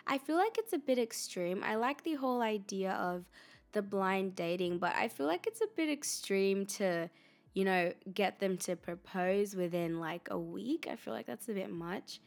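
A woman's voice: mid-range voice, normal speed, vocal fry. Chatty laughing woman podcast host. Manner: chatty and animated, laughs often, quoting herself. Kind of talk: casual solo podcast chat.

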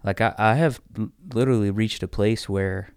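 A man co-hosting a podcast, speaking in a measured, reflective and slightly halting way. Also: on the low side, clear, resonant tone, no room sound, clean studio sound. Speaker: podcast co-host. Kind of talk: casual conversation.

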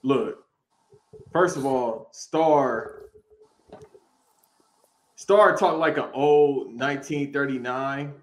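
A man's voice: mid-range voice, very slow, pauses often. A man co-hosting a podcast, teasing his friends and making provocative claims in casual chat. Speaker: podcast co-host. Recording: echoey room with faint noise.

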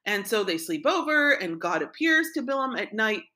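A woman's voice: mid-range voice, sing-song, normal speed, sharp tone. A woman giving an informal Torah lesson, retelling a biblical story conversationally and often checking in with "right?" and "like". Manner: conversational, frequent "right?" and "like" asides. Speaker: Torah teacher.

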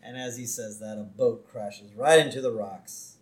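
A man's voice: mid-range voice, steady tone, moderate pace, echoey room. A man co-hosting a podcast, casually retelling a cartoon episode and acting out its lines in funny voices. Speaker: podcast co-host.

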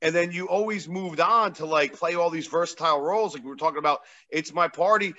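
Bright-voiced, enthusiastic male podcast host. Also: a little high, fast. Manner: enthusiastic, praising, laughs often. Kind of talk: casual interview. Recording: dull lo-fi sound.

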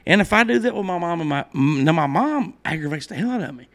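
Middle-aged man, podcast host, slightly high voice, rambling casual stories, laughs at his own jokes. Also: lively intonation, a little fast, a bit bright. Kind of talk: casual chat.

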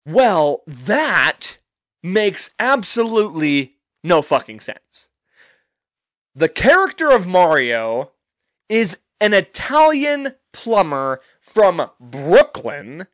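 A man's voice: high-pitched, takes it slowly, no room sound, studio quality. A man hosting a podcast, ranting casually and swearing freely as he works himself up. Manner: animated, swears freely, talks himself into outrage. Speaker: podcast host.

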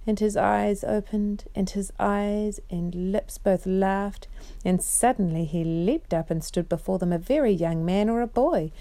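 Woman reading a bedtime story, mellow. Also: medium pitch. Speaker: parent reading aloud.

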